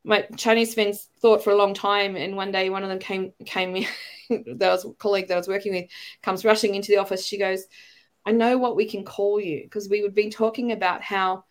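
A woman's voice: medium pitch, little pitch movement, a little fast. A middle-aged woman with an Australian accent, a podcast guest talking in a rambling, chatty way with light laughs between phrases. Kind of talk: casual interview chat.

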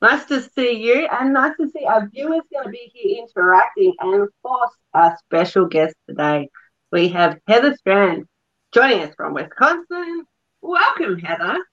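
Friendly female co-host on a live stream, slightly high pitch, lo-fi audio. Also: animated, normal speed, a bit bright. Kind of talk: live online show hosting.

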